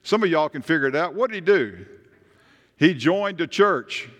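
A man's voice: a little high, moderate pace, long reverb tail. A man preaching a sermon as pastor, telling stories and driving points home with emphatic rises. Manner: animated, with emphatic rises and storytelling asides.

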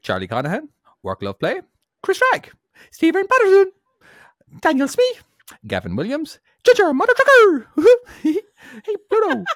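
A man doing a high falsetto cartoon mouse voice on a podcast, reading out names with a giggly manner. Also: wildly swooping pitch, measured pace, pauses often, fairly bright tone, no room sound, studio quality, exaggerated voice. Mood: gleeful. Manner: giggly falsetto, breaks into laughs. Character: high squeaky cheerful cartoon mouse, male. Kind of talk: podcast impression.

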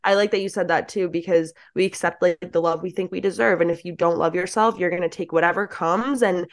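A woman's voice: on the low side, fairly even intonation, a little fast. A young woman as a podcast guest, chatting casually and peppering her talk with "like". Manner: chatty, lots of "like", acts out quoted thoughts. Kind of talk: casual chat.

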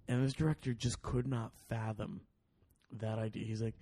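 A man's voice: mid-range voice, flat delivery, moderate pace, warm tone. A man telling a long story on a podcast in casual chat, swearing often, restarting sentences and acting out other people's lines. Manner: profane, rambling with restarts and acted-out quotes. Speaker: podcast guest.

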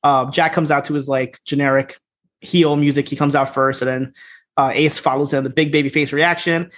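A man co-hosting a podcast, casually recapping a TV episode and acting out its dialogue in quick bits. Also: fairly high pitch. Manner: animated retelling, acts out scene dialogue. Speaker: podcast co-host.

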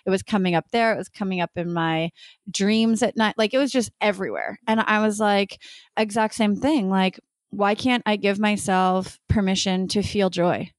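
A woman's voice: medium pitch, fairly even intonation, normal speed, no echo. A woman co-host on a podcast call who rambles on at length, by her own account. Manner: rambling, self-described. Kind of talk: casual podcast chat. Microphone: remote call.

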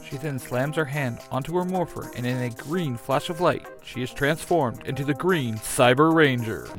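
Brief: male narrator, even mid pitch, soft music underneath. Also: normal speed. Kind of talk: fan audio drama narration.

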